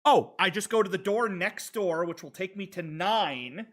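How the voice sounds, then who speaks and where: A man's voice: sits high, animated, moderate pace, a bit bright. A man streaming a retro video game, rambling casually to himself and his viewers as he plays. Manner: rambling, self-talking while playing, chatting with viewers. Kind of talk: casual gameplay commentary.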